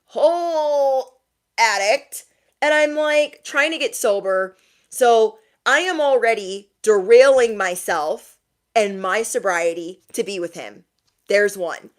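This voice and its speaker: A woman tarot reader giving a casual message to her viewers, chatty and animated, often laughing and repeating lines for emphasis. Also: mid-range voice, a little slow. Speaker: tarot reader and motivational YouTuber.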